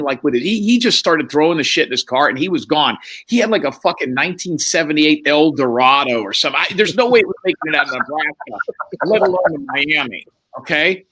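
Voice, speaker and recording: A man's voice: a little high, bright, forceful tone, breathy edge, no echo, low-quality recording. A man telling a wild story in a casual chat, acting out the other people's lines and swearing freely. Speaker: podcast guest.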